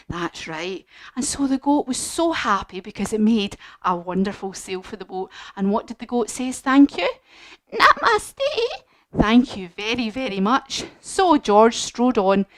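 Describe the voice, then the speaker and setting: A woman leading a children's yoga lesson as a story, animated and encouraging. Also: medium pitch, dry recording. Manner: animated, encouraging, sing-song. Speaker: kids yoga teacher.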